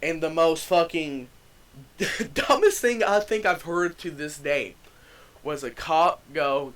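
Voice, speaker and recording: A young man casually telling a wild story on his channel, cursing freely and swinging between hushed and loud moments. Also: fairly high pitch, animated, slow. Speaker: vlogger.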